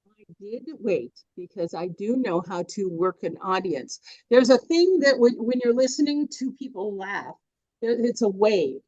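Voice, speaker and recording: A woman's voice: medium pitch, lively intonation, a little slow, a little mellow, dry recording. An older woman presenting a speaking workshop, talking in an informal, chatty way with fillers and restarts. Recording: dry, slightly dull recording.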